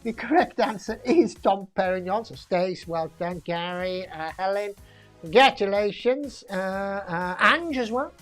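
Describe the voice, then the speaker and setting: A woman's voice: medium pitch, unhurried, fairly bright tone, faint music behind. Chatty woman hosting a quiz. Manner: chatty, jokey, reads out answers, laughs often. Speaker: pub quiz host. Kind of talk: casual live-stream quiz hosting.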